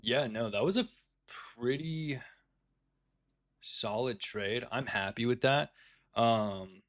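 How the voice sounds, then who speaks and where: A man's voice: medium pitch, slow, fairly bright tone, no echo. A man giving casual live commentary on his day trades, laid-back and swearing freely as he talks with fellow traders.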